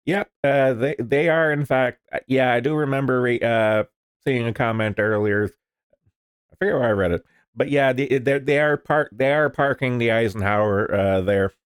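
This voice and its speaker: A man's voice: medium pitch, normal speed, clear, resonant tone, no room sound, clean studio sound. A man casually commenting on the news, rambling and swearing, with lots of fillers. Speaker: streamer reading the news.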